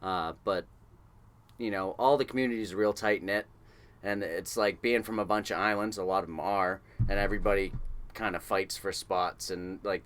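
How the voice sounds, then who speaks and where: Low, bright-toned salty fisherman. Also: steady tone, normal speed, clean tone. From coastal New England. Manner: salty, swears freely, loose anecdotal telling. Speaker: guest, fishing boat chief engineer. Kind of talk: casual interview storytelling.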